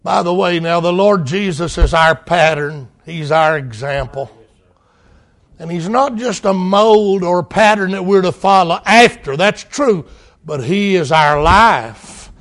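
A middle-aged man preaching a sermon, swinging from impassioned cries to hushed, quiet lines. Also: high voice, unhurried.

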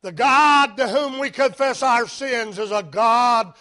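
A male preacher delivers a sermon with a high voice and a slow, deliberate pace. He swings from quiet asides to emphatic, shouted lines. He weaves personal stories into his preaching. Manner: emphatic, rising to shouts, anecdotal.

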